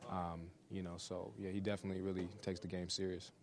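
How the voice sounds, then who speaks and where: Young male athlete at a press scrum, very low and monotone, quick, crowd noise behind, lots of "you know". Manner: relaxed, heavy "you know" fillers. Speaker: pro football player. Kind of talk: press interview answers.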